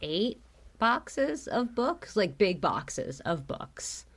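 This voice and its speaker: A woman's voice: mid-range voice, big pitch swings, extremely slow, a bit bright, breathy edge. A woman co-hosting a podcast in easygoing casual chat, sounding a little nasal from a chest illness. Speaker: podcast co-host.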